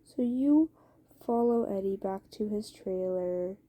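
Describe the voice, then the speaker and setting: A woman's voice: mid-range voice, slow pace, dark tone. A woman telling a second-person fan story aloud in a rambling, casual way, full of fillers and swearing.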